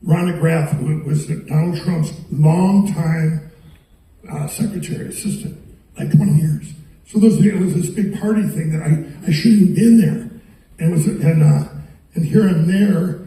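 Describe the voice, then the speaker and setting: A man's voice: a little high, creaky, mellow. A man giving a storytelling speech to an audience, rambling, quoting people, and repeating his words as he goes. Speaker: public speaker. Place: arts center hall. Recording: echoey hall from a distance.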